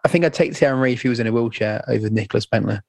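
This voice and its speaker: A man co-hosts a relaxed football podcast and reads out listener questions. He talks hesitantly with fillers, his voice at a middle pitch and recorded dry with no room sound. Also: racing, creaky, dry recording. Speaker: podcast co-host. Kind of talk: casual football chat.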